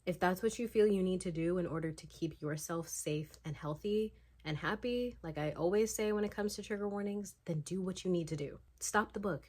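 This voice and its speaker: A young woman in her twenties chatting casually in a reading vlog, emotional, often dropping into a hushed whisper. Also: fairly low pitch, brisk, hardly any pauses. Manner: emotional, swings between hushed whispers and excited outbursts. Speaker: book vlogger.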